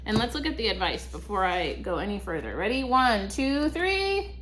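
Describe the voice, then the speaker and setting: A woman's voice: mid-range voice, big pitch swings, normal speed, fairly bright tone, slight background noise. A young woman giving a casual tarot reading, chatty and reassuring, laughing often. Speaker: tarot reader.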